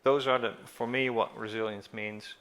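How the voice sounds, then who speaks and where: A man speaking as an avionics expert on a conference panel, measured and a little hesitant. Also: lowish voice, fairly even intonation, a bit bright. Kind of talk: panel discussion.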